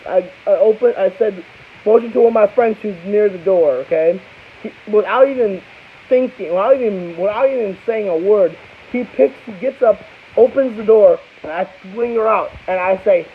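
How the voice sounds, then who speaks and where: A man's voice: high voice, normal speed. A young man from Florida telling a rambling, casual story to camera as a vlogger, full of restarts and asides. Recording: tinny phone-like audio with faint hiss.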